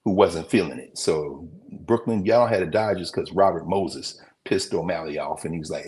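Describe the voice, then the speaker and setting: A man teaching a class in a loose, conversational way, wandering off on asides and pausing to recall details. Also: low-pitched, a little mellow. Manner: conversational, digressive, with mid-sentence recall pauses. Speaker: teacher hosting a class show. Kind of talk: lecture, talking to viewers.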